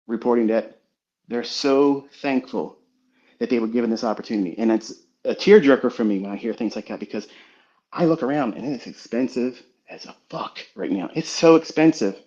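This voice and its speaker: A man's voice: medium pitch, normal speed, mellow. A man, a trading mentor, giving an emphatic, preachy, profane motivational talk on a live audio stream. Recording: dull lo-fi online stream audio.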